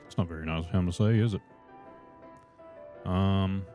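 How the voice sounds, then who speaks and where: A laid-back man with a deep, low voice chats with his viewers as he plays a game on a livestream. He rambles in a friendly way and answers questions from the chat. Quiet music plays behind him. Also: normal speed, long pauses. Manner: relaxed, chatty, reads chat and greets viewers as brothers. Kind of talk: casual gameplay livestream chat.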